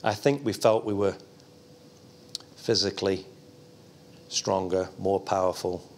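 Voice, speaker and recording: Man, lowish voice, measured earnest reflection, faint rumble. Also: fairly even intonation, a little mellow. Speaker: former footballer. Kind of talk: retrospective interview.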